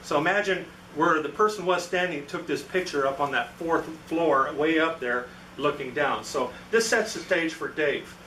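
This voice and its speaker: On the high side and forceful, bright in tone, the man tells a story at normal speed to a club gathering, where he's the guest presenter, dramatizing what each person said. The meeting room echoes, the mic sits far off, and there's slight hiss or hum.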